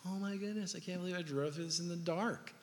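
A man in his thirties preaching a sermon, animated and jokey, acting out little everyday scenes to make his points. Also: sits high, quick pace, slight background noise. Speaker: pastor. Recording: long hall reverb.

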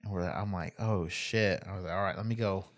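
A man's voice: deep voice, steady tone, brisk. A man casually telling a rambling bar story on a podcast, swearing freely and laughing as he goes.

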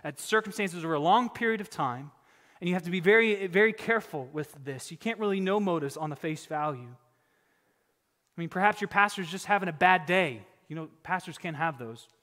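A male pastor preaching a sermon, emphatic, swinging from loud exhortation down to near-whispers. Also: high voice, animated, moderate pace, long reverb tail.

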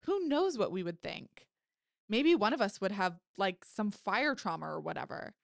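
A woman's voice: mid-range voice, big pitch swings, normal speed, creaky, no room sound. A woman voicing a bold, teasing teenage girl camper in a story reading, with a brash, mocking manner and a dry, close sound.

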